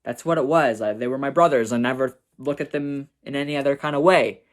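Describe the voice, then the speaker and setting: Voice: mid-range voice, fairly even intonation, brisk. A young adult telling a personal story to camera in a casual, chatty way, peppering talk with "like" and "right?". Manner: chatty, full of "like" and "right?", acts out quoted family voices.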